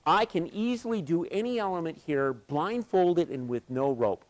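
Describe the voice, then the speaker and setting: A man's voice: on the high side, lively intonation, moderate pace, pitched above the performer's own voice, close to an everyday voice. A man quoting a confident ex-military man who speaks bluntly and boastfully.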